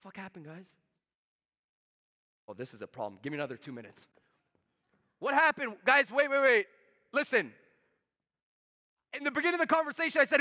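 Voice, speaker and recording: A man giving a live sales seminar, talking fast, emphatic and blunt, swearing freely at his audience. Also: very high-pitched, very animated, bright, forceful tone, long reverb tail. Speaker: sales trainer.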